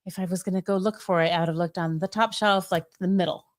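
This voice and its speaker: A woman's voice: fairly low pitch, steady tone, quick pace. A woman co-hosting a live question-and-answer show, talking casually with lots of "like" and "you know". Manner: chatty, fillers like "like" and "you know". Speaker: co-host.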